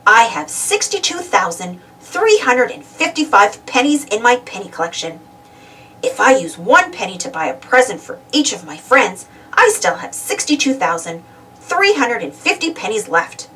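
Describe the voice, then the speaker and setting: A woman's voice: a little high, normal speed, far from the mic, slight background noise. A woman voicing an eager, greedy male cartoon duck, who exclaims a lot, a little away from the mic. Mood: curious. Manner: excitable, exclaiming.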